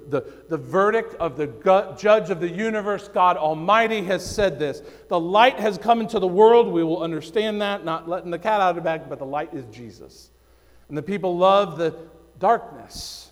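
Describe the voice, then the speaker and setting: A male pastor preaching a sermon, swinging between loud emphasis and hushed, low phrases. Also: in a large hall.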